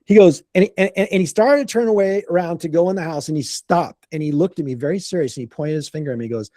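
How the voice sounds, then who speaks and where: A middle-aged man tells a business story on a group call with animated energy. His voice sits a little high but has a mellow, dark tone. He acts out the people in his story and often repeats words, and the sound is close and dry. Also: fast, hardly any pauses, no echo. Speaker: landscaping business coach.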